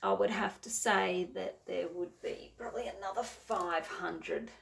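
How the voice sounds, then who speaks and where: Speaking at a measured pace, a woman with a medium-pitched, creaky, fairly bright voice rambles casually about her cross-stitch work, correcting herself and using plenty of fillers as she shows it off. The sound is roomy and distant, with slight background noise.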